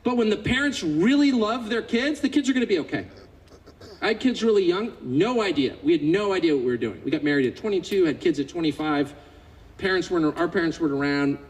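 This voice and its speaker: Californian man, 50s, high-pitched and animated, sarcastic political speaker on stage. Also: rough recording. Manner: sarcastic, mocking, builds to indignant outbursts. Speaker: public speaker. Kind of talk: political speech to a live audience.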